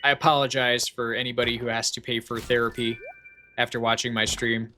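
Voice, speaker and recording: A man's voice: medium pitch, level tone, brisk, pushed and bright, soft background music. A man livestreaming a farming game, chatting casually in a goofy, self-deprecating, rambling way. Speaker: streamer. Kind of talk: casual livestream chat while gaming.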